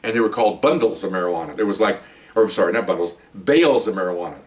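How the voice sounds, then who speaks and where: A man's voice: low-pitched, animated, very fast. Chatty man telling cop stories. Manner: rambling, chatty, checks in with "okay?". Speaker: police officer telling his own stories. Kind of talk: casual spoken storytelling. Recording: voice a bit distant from the mic.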